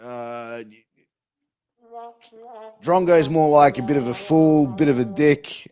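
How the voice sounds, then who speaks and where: A man's voice: fairly high pitch, slow pace, pauses often, darkish tone. A man with an Australian accent, hosting a podcast interview in a laid-back, chummy way, full of slang. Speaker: podcast host. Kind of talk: casual interview.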